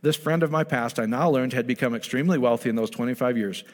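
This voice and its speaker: A man preaches with lively storytelling and often slips into the voices of the people he talks about. His voice sits at an ordinary middle pitch. A long hall reverb trails each phrase. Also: fast talker. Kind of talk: sermon.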